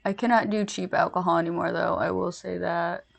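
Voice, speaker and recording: A woman's voice: fairly low pitch, fairly even intonation, brisk, vocal fry, soft background music. Casting: young woman, chatty and giggly, streaming her makeup routine in casual chat. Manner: chatty, giggly, lots of fillers.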